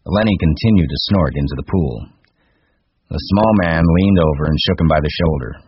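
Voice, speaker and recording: A man reads a novel aloud with a measured, unhurried delivery in a very low, husky voice. The recording is dry and close, and the sound is a little dull. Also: no echo. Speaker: narrator. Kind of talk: audiobook narration.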